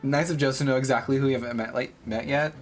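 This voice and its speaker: A man's voice: medium pitch, fairly even intonation, rapid-fire. A man streaming a game live, reading it aloud with goofy, joking asides. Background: game music.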